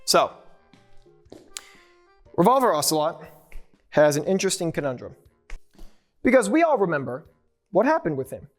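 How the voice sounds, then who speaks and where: Rambling, higher-voiced man recapping game lore. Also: sing-song, normal speed, long pauses, soft background music. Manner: rambling, self-correcting, loose and joking. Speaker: YouTuber.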